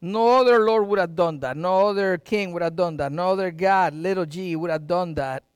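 A middle-aged man pastor preaching a sermon, with dramatic swings between loud and quiet and folksy asides to the congregation. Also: high voice, moderate pace, clean tone, dry recording, studio quality.

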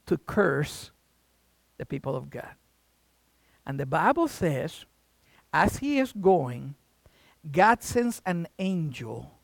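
A man preaches in a loose, conversational way, retelling a Bible story with sound effects and asides. His pitch swings widely, and the sound is dry and close. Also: vocal fry, no room sound. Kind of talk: sermon storytelling.

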